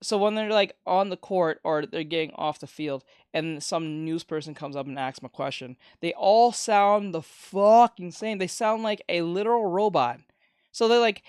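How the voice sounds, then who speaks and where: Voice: medium pitch, moderate pace, darkish tone, clean tone, no room sound, clean studio sound. An art streamer chatting casually while drawing, rambling and swearing with many restarts.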